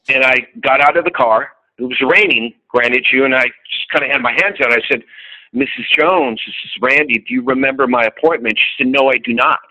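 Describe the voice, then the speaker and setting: A man's voice: mid-range voice, bright, forceful tone, low-quality recording. A middle-aged man, an insurance salesman, telling a group about his sales calls in a candid, profane way and acting out both sides of each conversation. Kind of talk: casual storytelling to a group.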